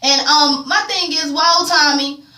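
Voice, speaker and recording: A woman recapping a TV episode in casual, animated, profanity-laced slang. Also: sits high, unhurried, a little hiss or hum. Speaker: TV recap vlogger. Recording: echoey room, distant mic.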